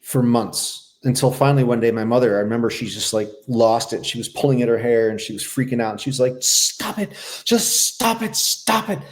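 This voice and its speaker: A middle-aged man and former Navy SEAL, a podcast guest telling his life story in a candid, halting, reflective way. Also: medium pitch, steady tone, a little mellow. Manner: reflective, halting, with many restarts.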